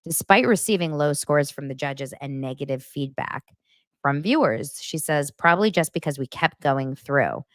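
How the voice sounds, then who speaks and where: Chatty low-voiced woman gossip host. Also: moderate pace, no room sound, clean studio sound. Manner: chatty, animated, jumps between stories with asides. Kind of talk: casual celebrity gossip chat.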